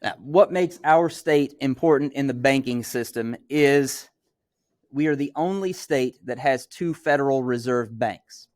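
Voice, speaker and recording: A middle-aged man from Missouri teaches a class in an easy, conversational way. His voice sits at an ordinary middle pitch, and he keeps checking in with his students by asking "right?". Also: unhurried, a little mellow. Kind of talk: classroom lecture.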